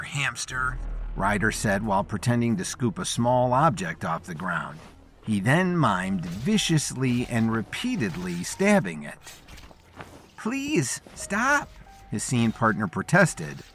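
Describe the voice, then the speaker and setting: A man narrating a story in scripted, expressive storytelling. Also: fairly low pitch, a little slow, soft background music.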